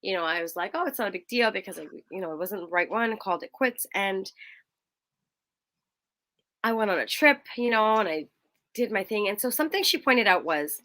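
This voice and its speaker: Bright-voiced young woman telling a story. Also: normal speed, long pauses. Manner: animated storytelling, acts out quotes in a high voice. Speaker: co-host. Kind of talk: casual chat.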